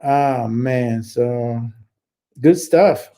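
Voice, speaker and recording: Laid-back, foul-mouthed man with a mellow voice. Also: medium pitch, drawn-out words. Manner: laid-back and profane, rambling with many fillers and restarts. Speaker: livestream host and Army veteran. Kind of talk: casual live chat, reading and answering viewer comments.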